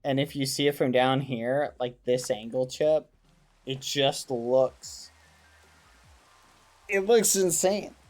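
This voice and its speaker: A man streaming a game, chatting casually and excitedly with his viewers and using wholesome exclamations instead of swearing. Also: medium pitch, takes it slowly, pauses often, soft background music. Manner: excitable, talks to his chat. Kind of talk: casual gaming livestream chat.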